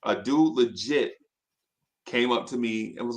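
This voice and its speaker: A man telling personal stories in casual chat, animated and full of fillers and asides. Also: medium pitch, normal speed.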